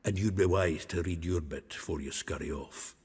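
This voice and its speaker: An actor playing a gruff, boisterous male dwarf companion in a video game, speaking with a coarse, earthy way of talking. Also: low-pitched, normal speed, a little mellow. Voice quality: gravelly, earthy, coarse-spoken.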